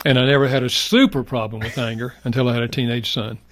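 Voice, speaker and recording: Un homme âgé, invité d'une émission, raconte avec sincérité et douceur une histoire personnelle. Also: male voice, medium pitch, fairly even intonation, quick pace, no room sound, clean studio sound. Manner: earnest, soft-spoken, reflective. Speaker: guest. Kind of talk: heartfelt personal storytelling.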